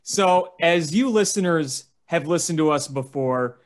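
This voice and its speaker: A man's voice: a little high, animated, measured pace. A man co-hosting a podcast in a casual, good-humored way. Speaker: podcast co-host. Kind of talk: casual chat.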